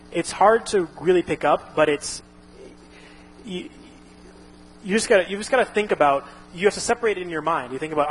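A man's voice: high-pitched, a little fast, a little hiss or hum, low-quality recording. A man casually explaining a topic, rambling with frequent restarts and fillers. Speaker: instructor.

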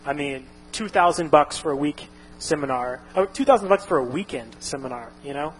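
A man's voice: on the high side, a little fast, a little hiss or hum, low-quality recording. A man casually explaining a topic, rambling with frequent restarts and fillers. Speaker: instructor.

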